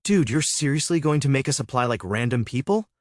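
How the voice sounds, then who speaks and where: A man's voice: medium pitch, animated, a little fast, dry recording, studio quality, pitched above the performer's own voice, natural voice. A man voicing an arrogant young brother who talks casually and gets defensive. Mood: angry.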